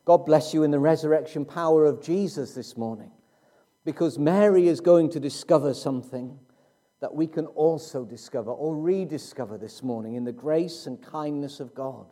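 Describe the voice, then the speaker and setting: A man preaching a sermon in a slow, emphatic way with dramatic pauses. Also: a little high, mellow.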